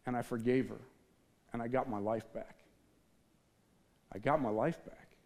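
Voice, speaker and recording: Unhurried and steady, his mid-range voice a bit creaky and a little mellow, the Midwestern man tells his testimony on stage. He speaks with feeling to the audience and dramatizes the voices of those he quotes.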